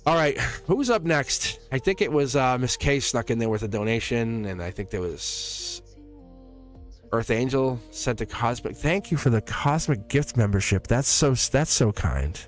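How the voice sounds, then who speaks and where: A man doing a live tarot reading for his viewers. His voice sits at an ordinary middle pitch, and he is gushing and reassuring, often laughing and saying the same line twice. Faint music plays underneath. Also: animated, normal speed. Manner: effusive and encouraging, laughs often, repeats phrases.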